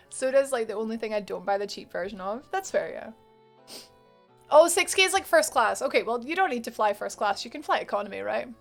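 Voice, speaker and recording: A woman's voice: on the high side, sing-song, brisk, gravelly, pauses often, a bit bright, faint music behind. A woman with a Scottish accent, chatting casually with viewers on a live game stream, rambling and laughing often.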